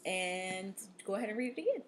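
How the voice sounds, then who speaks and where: A woman's voice: medium pitch, animated, brisk. A woman teaching a reading lesson to young students, giving patient instructions full of fillers and "okay?" checks.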